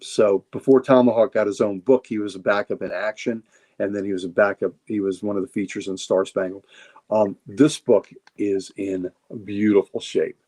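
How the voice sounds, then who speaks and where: A man's voice: fairly low pitch, fairly even intonation, moderate pace, dark tone. A man chatting casually on a livestream, showing off his comic books with rambling enthusiasm and frequent repeated words. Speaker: guest comic collector.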